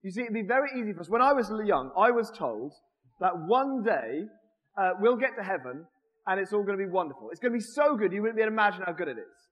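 Man, high voice, animated conversational sermon, church, long echoing reverb. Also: fast talker. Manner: animated, jokes with the congregation. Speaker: preacher.

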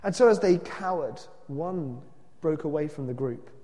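Expressive preacher with a lively voice. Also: male voice, fairly high pitch, measured pace, long reverb tail. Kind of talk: sermon with a read-aloud story.

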